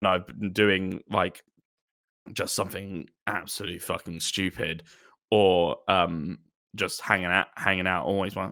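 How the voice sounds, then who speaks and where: A young man chatting as a podcast guest, animated and casual, and swearing freely. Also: sits low, a little slow. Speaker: guest, D&D player.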